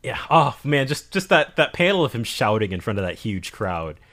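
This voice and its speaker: A man's voice: medium pitch, normal speed. A man co-hosting a podcast, chatting casually about a comic, laughing and saying "like" a lot. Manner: lively, laughing, lots of filler likes. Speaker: podcast co-host.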